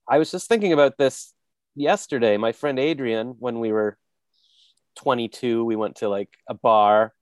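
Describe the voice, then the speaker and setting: A male voice actor chats casually, telling stories in a medium-pitched, smooth voice at normal speed with no echo. He's an animated storyteller who now and then slips into character voices.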